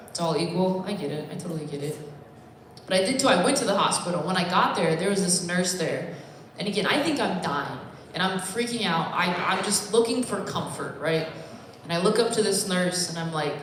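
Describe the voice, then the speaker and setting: A woman's voice: mid-range voice, lively intonation, moderate pace. Rambling woman doing stand-up. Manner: rambling, self-deprecating, conversational. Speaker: stand-up comic. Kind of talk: stand-up comedy set. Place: comedy bar stage. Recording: echoey bar room, faint noise.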